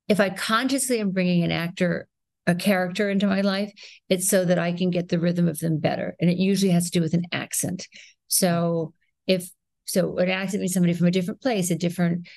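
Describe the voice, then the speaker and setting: A woman in her sixties speaks as a guest in a podcast interview, in a low voice with gravelly fry. She tells her stories in an animated way and acts out rhythms and little sounds as she goes. The recording is close and dry. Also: no echo. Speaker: actress, guest.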